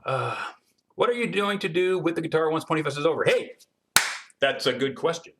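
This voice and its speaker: A man's voice: a little high, lively intonation, fairly quick, fairly bright tone, slight background noise. A man answering chat questions and demonstrating guitar building in a casual livestream, chatty and full of ums. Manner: chatty, many ums, reads questions aloud.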